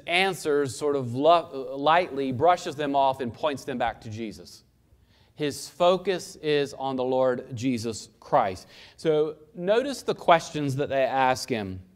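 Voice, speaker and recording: A man giving an expository Bible teaching who asks questions and answers them himself, slowing down to stress key points and speeding through asides. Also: medium pitch. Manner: explanatory, asks and answers his own questions. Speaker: pastor.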